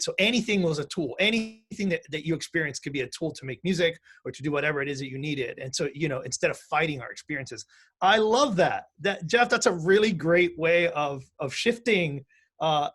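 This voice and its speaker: A man's voice: a little high, a bit bright, slightly rough. A man teaching music and mindfulness in a conversational online class, often asking "right?" to check in with students.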